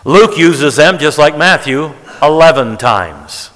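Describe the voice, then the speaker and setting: A man's voice: on the high side, expressive, slow pace, a bit bright. A man preaching as a Bible teacher, stressing key words emphatically as he counts out figures. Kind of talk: sermon-style Bible teaching. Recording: long reverb of a large hall.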